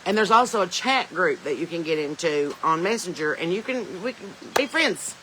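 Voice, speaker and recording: This podcast host is a Southern American woman chatting on a phone livestream, laughing and joking over viewer comments. Her voice runs on the low side yet bright and forward, with lively intonation, normal speed, drawling asides, and a faint hiss in a rough recording.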